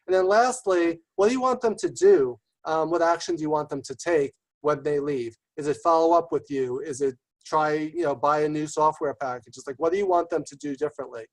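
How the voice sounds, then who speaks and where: A man giving a webinar presentation, talking quickly and enthusiastically and checking in with "right?" often. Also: a little high, poor audio. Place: remote webinar.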